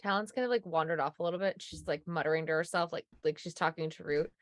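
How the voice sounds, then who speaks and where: A woman's voice: low-pitched, fast. A woman playing a tabletop game, casually describing her character with many fillers. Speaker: player.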